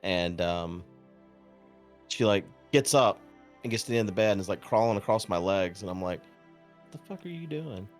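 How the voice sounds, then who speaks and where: A man streaming and chatting casually, telling a story in a deadpan way with lots of swearing, acting out quotes. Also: low-pitched, moderate pace, faint music behind. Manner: profane, deadpan. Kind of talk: casual chat.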